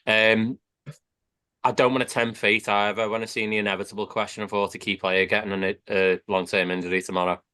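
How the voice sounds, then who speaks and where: Low, smooth-voiced blunt man. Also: flat delivery, brisk, bright, forceful tone. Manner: blunt, sweary. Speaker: podcast panelist. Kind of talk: casual chat.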